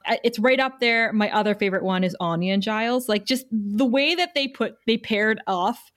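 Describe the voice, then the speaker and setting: A woman's voice: a little high, a bit bright. A woman co-hosting a podcast who talks enthusiastically, often laughing. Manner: enthusiastic, quick bursts of laughter. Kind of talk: casual recap chat.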